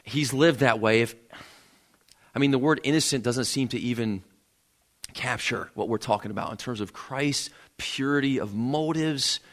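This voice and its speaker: A man's voice: mid-range voice, normal speed. A man preaching a sermon in a church, earnest, often repeating words as he builds a point. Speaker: pastor. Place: church sanctuary.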